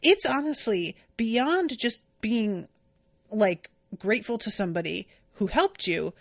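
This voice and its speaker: A woman's voice: a little high, expressive, measured pace, no echo, studio quality. A woman hosting a podcast, recapping an episode in a chatty, exasperated way with lots of filler words. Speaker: podcast host. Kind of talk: casual episode recap and commentary.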